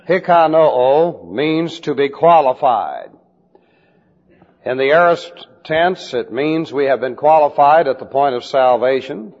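A man preaching in a deliberate style, teaching Bible doctrine, and spelling out Greek words letter by letter. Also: on the high side, expressive. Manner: slow, deliberate emphasis on key phrases. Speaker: pastor. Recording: dull lo-fi recording with long hall reverb.

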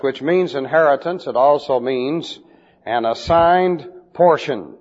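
Man teaching scripture in a reverberant hall. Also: medium pitch. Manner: spells out Greek words letter by letter; slow, deliberate emphasis on key phrases. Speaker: pastor. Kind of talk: expository Bible teaching. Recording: dull lo-fi recording with long hall reverb.

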